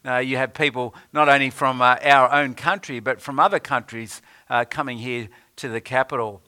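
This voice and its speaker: A man preaching a sermon in an unhurried way, with many hesitant pauses, quoting scripture in old-fashioned wording. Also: mid-range voice, fairly even intonation, pushed and bright, clear, resonant tone.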